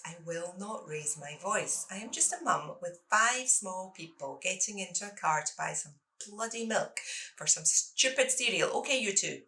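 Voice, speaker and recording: A Scottish woman in her fifties, a debut author giving an expressive reading of her own prose and poetry that turns lively in the poem. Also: medium pitch, poor audio. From Scotland.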